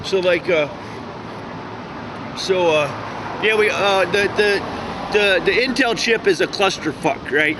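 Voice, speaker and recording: A man's voice: high-pitched, slow, pauses often. A man rambling and ranting outdoors, cursing a lot and stammering through fillers. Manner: profane, stammering, lots of fillers. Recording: noisy street recording.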